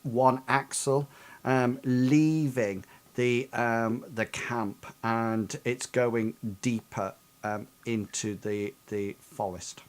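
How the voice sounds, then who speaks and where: A man runs a tabletop game over an online voice chat. He talks at an unhurried pace and gropes for his words. Ums and likes fill the gaps as he describes the scene. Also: mid-range voice, fairly even intonation, clean tone. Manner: hesitant, filled with ums and likes. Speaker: game master.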